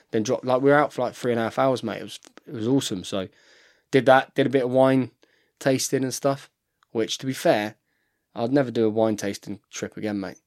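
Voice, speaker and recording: A man in his thirties, a rugby player chatting casually as a podcast guest, telling stories and saying "mate" all the time. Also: medium pitch. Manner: chatty storyteller, says "mate" constantly. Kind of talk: casual chat.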